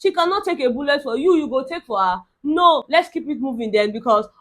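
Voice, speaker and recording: A young Nigerian woman recapping a reality show in sassy, animated commentary, slipping into Pidgin and mimicking the cast. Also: high-pitched, fairly quick. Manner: sassy, animated, mock-quoting others. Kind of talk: casual commentary mixing Pidgin.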